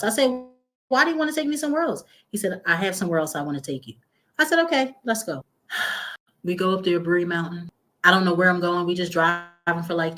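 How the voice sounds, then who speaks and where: A woman from North Philadelphia with a Philadelphia accent, telling her life story as a guest in a casual interview and acting out the voices of the people in it. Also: on the low side. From North Philadelphia, USA. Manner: animated, acts out quoted voices, slangy.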